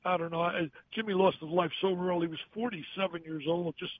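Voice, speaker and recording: An older man on a phone call, telling stories in an animated way and acting out the voices of the people in them. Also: high voice, a little fast. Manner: animated, acts out quoted voices. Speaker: guest. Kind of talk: emotional storytelling on a call-in. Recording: tinny phone line with faint hiss.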